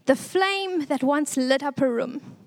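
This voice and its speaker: A young woman giving an earnest, tearful church testimony, pausing often. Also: sits high, a little mellow.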